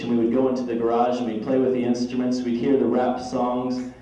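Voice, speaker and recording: A man's voice: mid-range voice, dark tone. A man, a grandson, giving a humorous birthday speech full of playful family anecdotes. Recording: echoey hall from far off, crowd noise.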